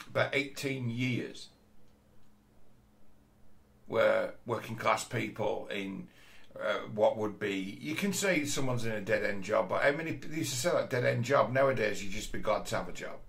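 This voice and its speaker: Blunt bloke ranting, gravelly voice, swears a lot, middle-aged. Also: male voice, on the low side, lively intonation, measured pace, pauses often, a bit bright. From Rochdale, England. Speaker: commentator. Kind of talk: casual monologue.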